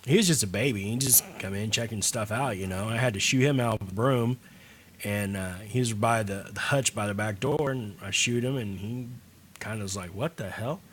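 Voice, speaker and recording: Guy cohost, lowish voice, rambles easy with lots of ums, faint hiss behind. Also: moderate pace. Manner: relaxed, rambling, lots of fillers. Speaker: radio show co-host. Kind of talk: casual chat.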